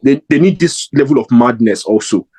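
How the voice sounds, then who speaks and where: A man's voice: mid-range voice, expressive, moderate pace, a little mellow, breathy edge, rough recording. A young man giving his opinion in a casual football fan vlog, rambling and emphatic with lots of fillers and restarts.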